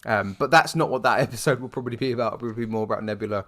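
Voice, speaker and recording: A young man co-hosting a laid-back chat podcast, thinking out loud and wandering through his points. His pitch sits in a middling, ordinary range. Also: rapid-fire. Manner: rambling, frequent fillers and restarts, laughs easily. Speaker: podcast co-host. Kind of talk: casual chat.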